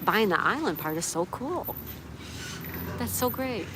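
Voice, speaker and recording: A woman with a medium-pitched voice speaks in a very animated but slightly slow way as she live streams outdoors beside a road in a town. She chats casually, reads chat messages aloud, and looks after her dog. Clear traffic noise runs through the stream, with street and vehicle sounds in the background.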